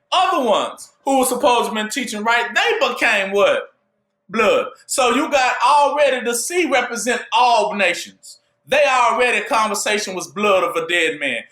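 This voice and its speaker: A man preaching a call-and-response sermon, asking "what?" for the listeners to fill in and rising to shouts at his peaks. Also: very high-pitched, roomy sound. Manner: asks "what?" for the audience to fill in.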